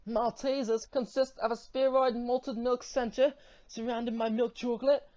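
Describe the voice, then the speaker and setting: A woman's voice: fairly high pitch, level tone, unhurried, warm tone, close to an everyday voice. A woman doing a hammy mock-British narrator. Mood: mock-formal. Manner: stiff, overdone reading-aloud delivery. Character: woman in a mock British accent reading candy facts.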